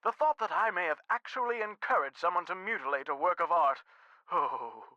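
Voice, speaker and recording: A man's voice: sits high, animated, a little fast, pushed and bright, no room sound, muffled recording, exaggerated voice. An actor playing a refined, faintly pompous male carousel art expert who talks on the phone in a video game. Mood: genteel. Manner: precise, theatrical, faintly pompous.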